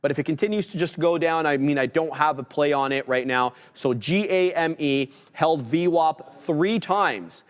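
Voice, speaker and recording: A man hosting a live trading stream, calling market moves in an excitable, hyped way. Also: a little high, moderate pace, hardly any pauses, in a large hall. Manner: hyped, excitable, auctioneer-like calls. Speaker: stream host and trader.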